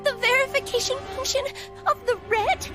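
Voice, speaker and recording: A very high, desperate trapped young woman. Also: steady tone, normal speed, music in the background. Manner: pleading, tearful outbursts. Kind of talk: video game voice acting.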